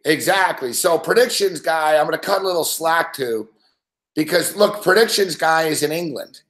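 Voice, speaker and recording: A man's voice: fairly high pitch, moderate pace, fairly bright tone, echoey room. A man hosting a sports betting show live, ranting in a casual, profane, rambling way and laughing often. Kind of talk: casual live-stream rant.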